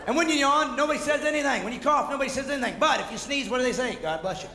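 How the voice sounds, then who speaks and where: A man performing energetic, mocking stand-up comedy on stage, acting out the voices he quotes. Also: very high-pitched, rapid-fire. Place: theater stage before a live audience. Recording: roomy hall with audible audience noise.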